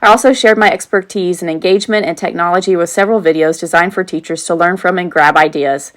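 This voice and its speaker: Teacher lady in her 40s reading her own audiobook, lowish voice, earnest, drifts into little asides. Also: steady tone, quick pace. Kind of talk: self-read audiobook narration.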